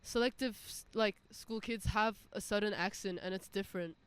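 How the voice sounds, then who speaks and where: A young woman with a smooth, clean voice, chatting on a podcast. She relays friends' stories in an easy, conversational way. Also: medium pitch, steady tone, moderate pace. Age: young adult. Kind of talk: casual chat.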